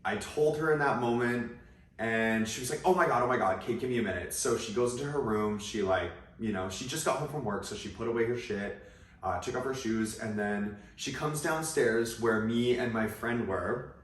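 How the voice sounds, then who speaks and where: A man's voice: medium pitch, normal speed, far from the mic. A young man telling a personal story in a casual, chatty way full of asides. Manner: chatty, many likes and asides. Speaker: vlogger. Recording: roomy echo, away from mic.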